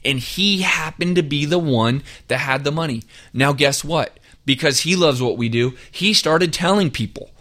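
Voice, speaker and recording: A man hosting a podcast, talking straight to listeners in a direct, energetic coaching tone and driving his points home by repeating them. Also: a little high, normal speed, hardly any pauses. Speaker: podcast host. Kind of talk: motivational podcast monologue.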